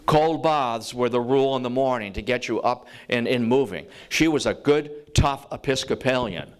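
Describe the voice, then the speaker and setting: A man's voice: medium pitch, moderate pace. A man teaching as a lecturer, telling a life story conversationally, with restarts and many "you know" asides, acting out quoted voices.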